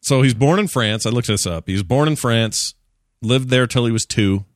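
A man hosting a casual movie chat, joking and animated, with silly put-on voices when he quotes people. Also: mid-range voice, normal speed, a little hiss or hum.

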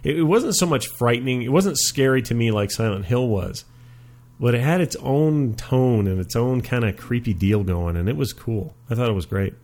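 A man's voice: medium pitch, expressive, moderate pace, darkish tone. A man hosting a casual gaming podcast, chatty and rambling with frequent fillers. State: stuffed up after a sneeze. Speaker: podcast host.

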